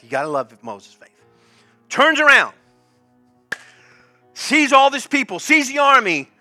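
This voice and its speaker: A male pastor preaching a sermon with animated storytelling and frequent laughs. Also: a little high. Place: church service.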